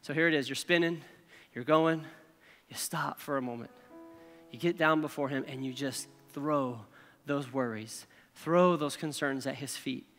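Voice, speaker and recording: A man's voice: fairly high pitch, moderate pace, fairly bright tone, big-room sound, soft background music. A male pastor preaching a sermon in a conversational way, checking in with "okay?" and "right?" as he goes.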